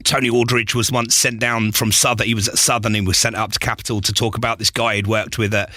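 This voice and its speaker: Radio guy, bright forceful voice, dry close sound, animated storyteller who laughs a lot. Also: on the low side, fast, no echo. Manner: animated, laughs often, acts out quotes. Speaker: radio presenter, podcast guest. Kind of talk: casual interview storytelling.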